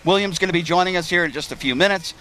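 A man's voice: high voice, very fast, sharp tone. Chatty man hosting a live show. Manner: chatty, joking, rambling. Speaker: radio show host. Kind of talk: casual live broadcast chat. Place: outdoor pool at a Las Vegas club.

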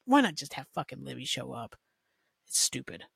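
A man's voice: mid-range voice, sing-song, moderate pace, gravelly, fairly bright tone, slightly rough, dry recording, clean studio sound. A man hosting a podcast, chatting casually and rambling through a TV recap with lots of fillers and some swearing. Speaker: podcast host. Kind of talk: casual solo recap chat.

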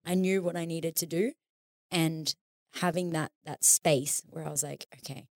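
A woman's voice: deep voice, steady tone, normal speed, no echo, studio quality. A woman in her thirties, a podcast guest, talking candidly in casual conversation, swearing freely and acting out the voices in her head.

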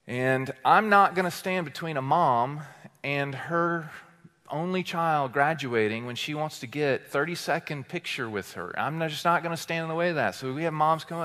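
Man, pastor, sermon, fairly high voice, rhetorical questions, loud-to-soft swings, long church-hall reverb. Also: moderate pace. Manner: emphatic preaching, swinging from loud declarations to quiet asides. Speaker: teaching pastor.

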